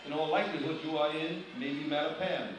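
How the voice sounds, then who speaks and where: A man preaching a sermon, addressing the congregation directly with questions in an animated manner. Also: fairly high pitch, fairly quick, very echoey, noisy background. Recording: distant mic, loud room ambience.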